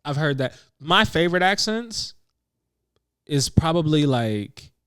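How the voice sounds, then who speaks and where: A man co-hosting a casual podcast chat, American with a slight British touch, talking in a relaxed, rambling, slangy way. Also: fairly high pitch, measured pace, clean tone, dry recording, clean studio sound. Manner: laid-back, rambling, slangy. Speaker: podcast co-host. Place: living room couch.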